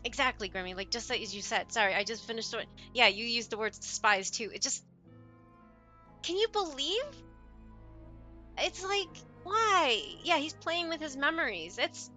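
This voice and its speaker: A woman streaming a game live, reacting excitedly and rambling with many restarts. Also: a little high, a little fast, few pauses, soft background music. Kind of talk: casual live-stream commentary.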